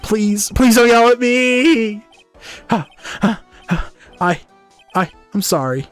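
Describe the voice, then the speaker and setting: A stuttering, whiny crybaby of a thief in a video game, voice pitched way up and breaking into nervous apologies, put on by a man. He trips over his words and sounds ready to cry at any moment. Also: moderate pace, dry recording, faint music behind, natural voice. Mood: whimpering panic. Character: timid stammering crybaby male thief.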